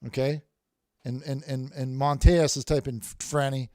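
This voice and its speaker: A man's voice: mid-range voice, little pitch movement, normal speed, warm tone, no echo, clean studio sound. A man hosting a casual livestream, reading viewer messages aloud with many restarts and repeated words. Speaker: livestream host reading chat.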